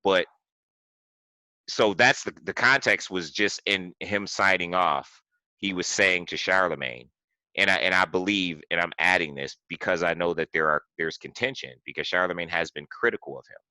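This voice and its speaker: A man's voice: sits low, moderate pace, bright, forceful tone, dry recording, rough recording. A man hosting a casual podcast, retelling an interview at length with many "you know"s and restarts. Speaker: podcast host. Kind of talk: casual political discussion.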